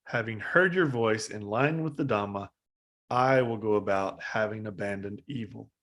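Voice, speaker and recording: A man's voice: on the low side, moderate pace, a bit bright. A man voicing a fierce male bandit who turns into a humble seeker, with a raised, strained questioning voice. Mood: reverent.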